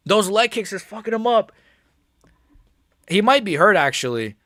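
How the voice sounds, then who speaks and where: A young man hosting a live fight watch-along stream, reacting casually and swinging between nervous mumbling and excited shouting. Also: sits high, moderate pace, pauses often, no echo, clean studio sound.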